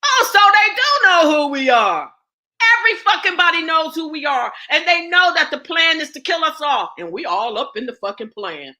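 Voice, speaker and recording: A woman's voice: high-pitched, very animated, moderate pace, bright, forceful tone. A woman speaking as a guest and ritual teacher, blunt and profane, preaching with rhetorical questions. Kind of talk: impassioned spoken address.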